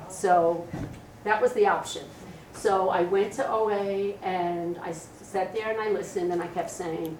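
A woman's voice: lowish voice, measured pace, creaky, far from the mic, background noise. Candid middle-aged woman telling her story. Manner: candid, animated storytelling with acted quotes. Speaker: speaker sharing recovery story. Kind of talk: personal testimony at a meeting. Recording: roomy echo, voice from off-mic.

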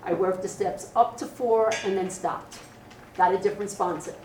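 A middle-aged woman sharing her recovery story at a meeting, candid and lively, acting out the voices of people in her story. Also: medium pitch, normal speed, far from the mic, slight background noise. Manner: candid, animated storytelling with acted quotes. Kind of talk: personal testimony at a meeting. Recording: roomy echo, voice from off-mic.

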